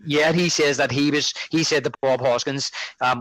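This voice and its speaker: A man's voice: medium pitch, normal speed, hardly any pauses, no room sound, rough recording. A man co-hosting a podcast, chatting casually about a film and acting out its lines. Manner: animated, quotes film lines in character. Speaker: podcast co-host.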